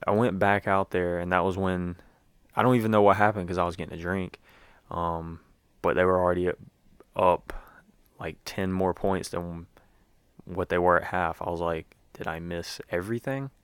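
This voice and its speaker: A man with a low, smooth voice hosts a casual sports podcast. He rambles loosely and fills his pauses. The sound is dry and close. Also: little pitch movement, dry recording. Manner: rambling, loose, lots of fillers. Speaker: podcast host.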